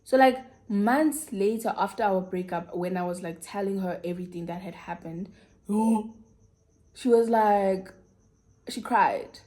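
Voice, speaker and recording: A woman's voice: medium pitch, unhurried, mellow. A young South African woman with a South African accent, frankly telling a personal story to her viewers in casual, slangy chat. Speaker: YouTuber.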